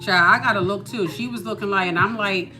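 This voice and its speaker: A woman's voice: medium pitch, fairly quick. Chatty woman over background music. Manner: chatty, storytelling, full of asides. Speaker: vlogger. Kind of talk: casual chat. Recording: music playing behind the voice.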